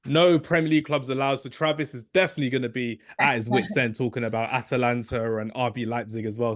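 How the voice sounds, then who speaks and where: Excitable male podcast host, hoarse. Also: medium pitch, no room sound, studio quality. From England. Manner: rambling, excitable, self-correcting. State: losing his voice. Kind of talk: casual podcast chat.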